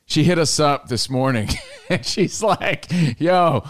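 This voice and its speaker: A man's voice: fairly high pitch, lively intonation, unhurried, no room sound. Guy hosting a podcast, jokey and loose, dry close mic. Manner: loose and jokey, acts out quotes in a raised voice. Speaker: podcast host. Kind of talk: casual podcast banter.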